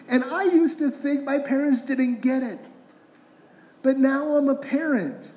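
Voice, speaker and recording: A man's voice: extremely high pitch, measured pace, mellow, a little hiss or hum. A middle-aged man, a pastor, preaching a conversational sermon full of rhetorical questions. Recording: roomy echoing hall.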